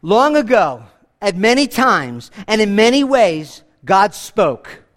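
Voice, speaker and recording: A male pastor preaching a sermon to a church congregation, emphatic, swinging between loud declarations and hushed lines, asking rhetorical questions. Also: sing-song, slow. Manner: emphatic preaching with big swings in pitch and loudness.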